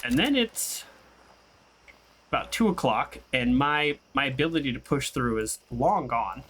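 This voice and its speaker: A young man with a bright, forceful voice talks through his game in a loose, rambling way. He drifts into long stories between moments of play, with a faint hiss of noise behind him. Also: mid-range voice, expressive, unhurried. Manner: rambling and chatty, tells stories while playing. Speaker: gaming channel host. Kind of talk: casual let's-play commentary.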